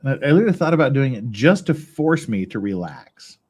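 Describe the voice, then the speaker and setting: A man's voice: medium pitch, very animated, normal speed, darkish tone, husky. A man streaming casually as he builds Lego, rambling, joking and swearing to himself. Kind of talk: casual live-stream chat.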